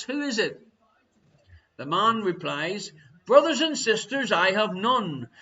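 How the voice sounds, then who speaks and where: A man's voice: high voice, sharp tone, dull audio. An Irish man hosting a live-streamed quiz, reading out answers and teasing viewers with jokey banter. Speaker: quiz show host.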